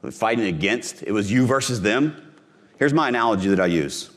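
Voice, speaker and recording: Punchy man giving a sales speech, low voice. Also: animated, normal speed. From Missouri, USA. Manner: punchy, repeats key phrases, addresses audience directly. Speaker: podcast host giving a sales talk. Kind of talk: live conference speech.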